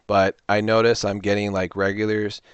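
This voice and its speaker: Man, low pitch, dry close sound, rambling casual storyteller hosting a reseller vlog. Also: moderate pace, clear, resonant tone, no echo. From Illinois, US. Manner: rambling, animated storytelling with quoted voices. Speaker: reseller channel host. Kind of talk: casual talking-to-camera vlog.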